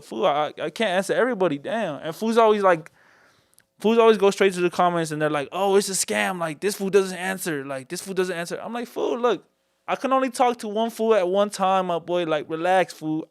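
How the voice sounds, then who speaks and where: La guy hosting a call-in podcast, high smooth voice, dry close sound, slang every other word. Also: dry recording. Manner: slangy, repeats "my boy" and "fool" constantly. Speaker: podcast host taking call-ins. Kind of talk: casual call-in podcast chat.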